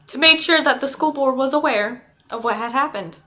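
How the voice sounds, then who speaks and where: A woman's voice: sits high, moderate pace, sharp tone. A young adult woman vlogging a casual storytime, rambling and chatty with lots of "like" and "um". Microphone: not her usual mic.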